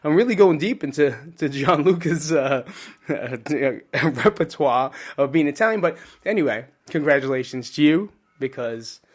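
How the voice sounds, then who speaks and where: A man's voice: fairly high pitch, lively intonation, moderate pace. A man in his thirties hosting a solo podcast, rambling and joking casually with the odd swear word. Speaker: podcast host.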